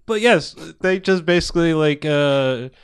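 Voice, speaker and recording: A man with a somewhat high voice recaps a movie in a rambling, profane podcast chat. He laughs often and slips into quick voices for the characters he quotes. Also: expressive, smooth. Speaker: podcast co-host.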